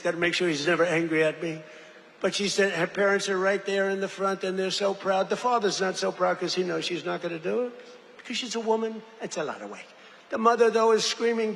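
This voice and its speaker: Rambling rally speaker, bright high voice. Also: male voice. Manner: rambling, digressive, repeats phrases; jokey asides to the audience. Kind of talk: off-the-cuff rally speech. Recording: long hall reverb, faint background noise.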